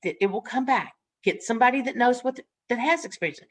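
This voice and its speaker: A woman's voice: fairly high pitch, expressive, quick pace. An older woman teaching a nursing class, frank and folksy, laughing often as she tells stories from the ward. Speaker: nursing instructor. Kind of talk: classroom lecture with storytelling.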